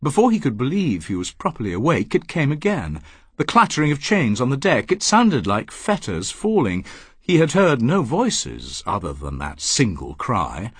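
A man narrating an audiobook with a husky, low voice that moves widely in pitch. His reading is expressive and dramatic. He is heard dry and close on a studio mic. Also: moderate pace, no room sound.

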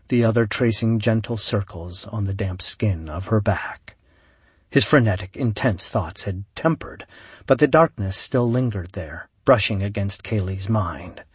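A man reading an audiobook in a measured, solemn way, recorded close on a studio mic. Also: fairly low pitch, husky, no room sound. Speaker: audiobook narrator. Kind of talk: scripted narration.

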